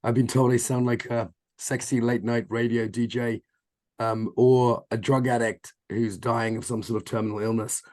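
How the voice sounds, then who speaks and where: A man with a hoarse, nearly gone voice, giving an online training in a jokey, informal, self-deprecating way over a video call. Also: medium pitch, level tone, moderate pace, darkish tone.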